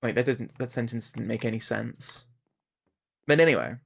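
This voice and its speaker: A man's voice: mid-range voice, expressive, moderate pace, vocal fry. A man with a Canadian accent chatting casually while streaming a game, rambling and musing aloud. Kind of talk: casual gaming stream chat.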